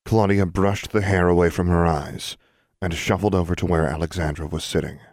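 A man reading a story aloud as a narrator, in even, measured storytelling. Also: sits low, dry recording, studio quality. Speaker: audiobook narrator. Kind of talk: scripted narration.

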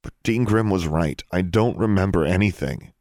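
A man's voice: low-pitched, moderate pace, darkish tone, dry recording. A man voicing a defiant, grieving teenage witch girl in an audiobook, strained and snapping, close to tears. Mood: guarded. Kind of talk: audiobook narration.

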